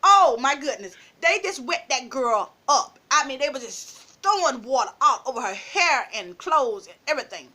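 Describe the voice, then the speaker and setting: Female storyteller, casual vlog; animated, swooping delivery, frequent laughter. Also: high voice, normal speed, hardly any pauses. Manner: animated, laughs often, calls listeners "baby". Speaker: storytime vlogger.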